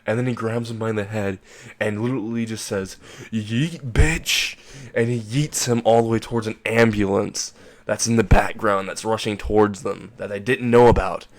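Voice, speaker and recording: A man's voice: on the low side, level tone, brisk. A young man casually narrating a fan-made anime crossover story, rambling and crude, laughing at his own jokes.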